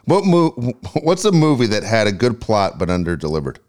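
A man co-hosting a podcast, chatting casually and telling animated stories with frequent laughter. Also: lowish voice, brisk. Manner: animated storyteller, laughs often. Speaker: podcast co-host. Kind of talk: casual chat.

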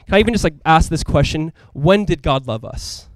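A man preaching a sermon as a pastor in a casual, conversational and animated way, full of asides to the congregation. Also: on the high side, brisk, no echo. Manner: animated, emphatic delivery.

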